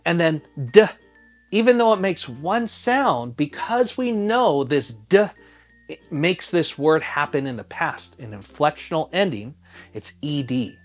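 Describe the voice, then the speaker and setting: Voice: medium pitch, very animated, unhurried, faint music behind. A teacher giving a phonics spelling lesson for young children, sounding out each letter patiently and asking the listener to spell along.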